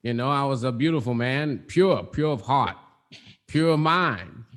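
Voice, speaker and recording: A man's voice: mid-range voice, lively intonation, unhurried, a bit bright. A man playing a pompous, boastful founder who brags about his sanitarium, speaking in first person.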